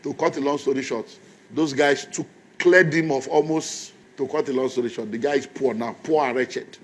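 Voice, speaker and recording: Animated man preaching. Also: mid-range voice, normal speed. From Nigeria. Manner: animated storyteller, acts out dialogue. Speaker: pastor and motivational speaker. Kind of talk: motivational storytelling talk.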